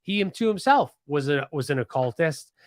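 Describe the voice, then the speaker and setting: A man's voice: on the high side, expressive, moderate pace, no room sound, clean studio sound. A man from Pennsylvania hosting a podcast, telling a history story casually and animatedly, with many restarts and asides. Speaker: podcast host.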